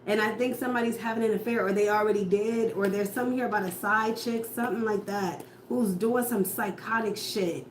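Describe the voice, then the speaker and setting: A woman's voice: mid-range voice, steady tone, brisk, few pauses. Blunt, profane woman reading tarot cards. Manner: blunt, profane, ranting rhetorical questions. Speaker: tarot reader. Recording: echoey room with faint noise.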